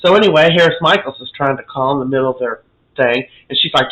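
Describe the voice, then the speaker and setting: A man's voice: medium pitch, quick pace, fairly bright tone, poor audio. Chatty man recapping a soap. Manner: chatty and opinionated, with frequent fillers. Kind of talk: casual episode recap.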